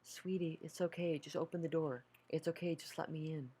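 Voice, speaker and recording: A man voicing a tearful, pleading mother at a door, in a raised, softened voice while reading a horror story aloud. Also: little pitch movement, a little fast, breathy edge. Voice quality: soft, higher pleading tone.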